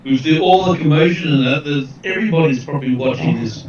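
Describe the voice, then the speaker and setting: A man playing a tabletop game who speaks haltingly and fills his pauses. The sound is dull and lo-fi, heavily echoey, and picked up from a distance. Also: fairly high pitch, a little mellow. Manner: halting, many fillers. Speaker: player. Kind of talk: casual tabletop play.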